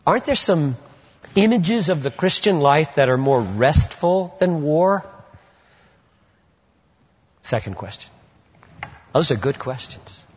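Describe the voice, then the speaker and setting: A man's voice: a little high, husky. Emphatic preacher man in an echoey hall. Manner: emphatic, swinging from loud stresses to hushed asides. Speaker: pastor. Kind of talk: sermon. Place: church sanctuary. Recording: muffled lo-fi recording in an echoey hall.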